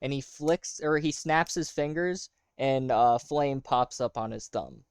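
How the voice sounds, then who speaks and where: A man's voice: medium pitch, unhurried, smooth, no room sound, studio quality. A man running a tabletop game as game master, talking casually and rambling with fillers.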